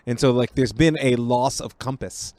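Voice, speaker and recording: Man, rabbi on a podcast, mid-pitched voice, dry close mic, measured, analytical. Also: a little mellow, no room sound. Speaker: rabbi co-host. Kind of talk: casual podcast conversation.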